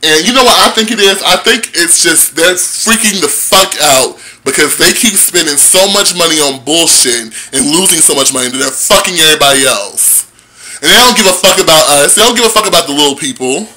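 A man with a high voice rants at his viewers in a vlog. His tone is piercingly bright and cutting, and he swears heavily the whole way through. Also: expressive, a little fast, poor audio. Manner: profane, heated ranting; talks straight to his viewers. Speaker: vlogger. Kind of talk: angry ranting vlog.

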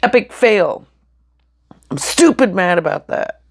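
A woman's voice: fairly low pitch, animated, slow, gravelly, pauses often, husky. A woman chatting casually to her camera while eating, blunt and frank, swearing and then apologizing. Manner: talks between bites while eating. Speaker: mukbang vlogger.

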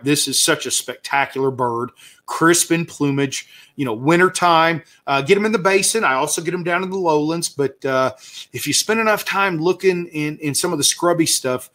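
A man's voice: mid-range voice, a bit bright. A man with a Southern US accent gives a casual slide talk as a birding guide, enthusiastic and rambling, with many fillers and restarts. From Southern United States.

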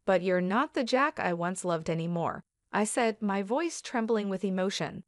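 A woman narrating a first-person drama story in a steady, even delivery. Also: medium pitch, moderate pace, no room sound, studio quality.

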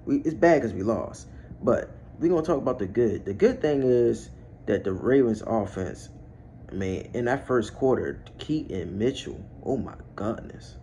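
A young man vlogging a heated fan rant about his football team, swearing and breaking into near-yells when he gets outraged. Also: mid-range voice, a little hiss or hum. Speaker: YouTube sports vlogger.

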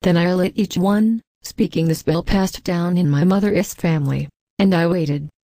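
Low, mellow woman narrating a story. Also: normal speed, no echo. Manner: even, reads punctuation marks aloud. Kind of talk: first-person scripted story narration.

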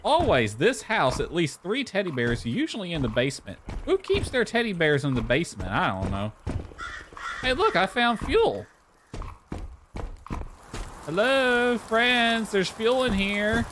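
A man livestreams a game against a noisy background, chattering to himself, calling out playfully and sometimes breaking into mock-sad singing. His voice sits on the high side and swings hugely in pitch, though his speed stays normal.

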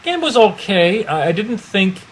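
A man's voice: high voice, big pitch swings, normal speed, a little hiss or hum. A man co-hosting a casual movie review, talking in a hesitant way with many restarts and trailing off. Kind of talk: casual chat.

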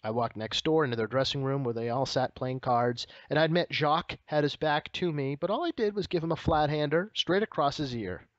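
A man co-hosting a casual podcast reads a book aloud, tossing in comic asides and laughing. He speaks at a fairly high pitch and a fairly quick pace with hardly any pauses. The dry audio has no room sound and is dull and slightly lo-fi.

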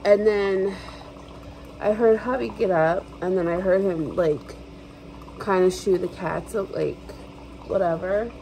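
A woman's voice: medium pitch, slow pace, vocal fry, pauses often, warm tone, a little hiss or hum, poor audio. A young adult woman telling a frustrated, swear-filled story to her camera in a casual vlog. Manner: ranting, swears freely, lots of fillers. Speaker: vlogger.

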